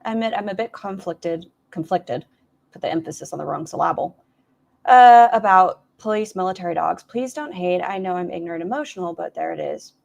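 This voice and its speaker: A woman's voice: lowish voice, lively intonation, brisk, creaky, a little mellow. A woman hosting a reaction stream, making wry, snarky comments on clips and chatting with viewers.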